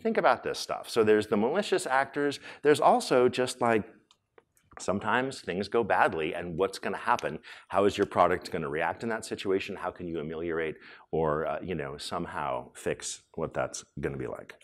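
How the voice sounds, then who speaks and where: A man in his forties giving a conference talk, animated and joking, with lots of "um" and "like" fillers. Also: sits low, moderate pace. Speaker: conference speaker. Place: conference hall.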